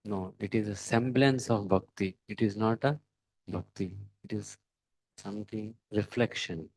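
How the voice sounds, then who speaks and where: A man giving a devotional sermon, speaking in halting phrases with many pauses and fillers and putting rhetorical questions to his listeners. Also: on the low side, steady tone, darkish tone, dry recording, poor audio. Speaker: devotional lecturer.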